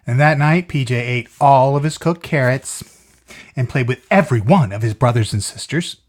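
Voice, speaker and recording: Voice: medium pitch, normal speed. A storyteller reading a picture book aloud to a child, often stopping for chatty asides and questions to the listener.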